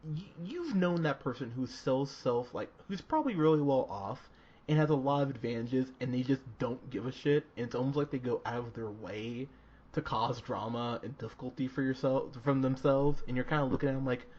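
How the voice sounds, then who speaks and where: A man co-hosts a movie review podcast, chatting casually and animatedly while swearing, laughing often and using lots of fillers. His mid-range voice is brisk with a darkish tone, heard through dull lo-fi podcast audio with faint noise.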